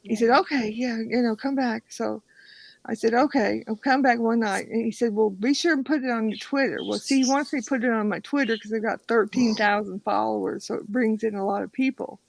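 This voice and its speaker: Gravelly-voiced woman telling a profane story. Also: on the high side, fairly even intonation, fairly quick, no echo, rough recording. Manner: profane storytelling, acts out quotes. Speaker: host. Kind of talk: casual livestream chat.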